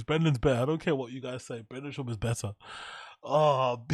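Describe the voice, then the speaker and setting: A man's voice: medium pitch, a little fast, dry recording, clean studio sound. A man hosting his own show, swearing and ranting in disbelief as he reacts to clips. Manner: profane, incredulous ranting. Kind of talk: casual livestream commentary.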